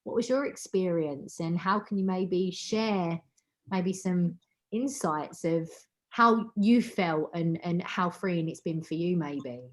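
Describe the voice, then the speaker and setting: A woman's voice: fairly low pitch, takes it slowly. A woman hosting an online wellbeing meeting, giving a heartfelt, emotional motivational talk over a video call and repeating words for emphasis.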